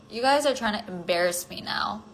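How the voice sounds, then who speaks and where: A young woman chats loosely to her viewers over a phone mic, rambling through her thoughts with a steady stream of fillers. Her voice sits at an ordinary middle pitch and sometimes fades to a near-whisper. A faint hum of room ambience sits behind her. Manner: rambling, filler-heavy, often trailing off quietly. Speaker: livestreamer chatting with viewers. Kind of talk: casual chat.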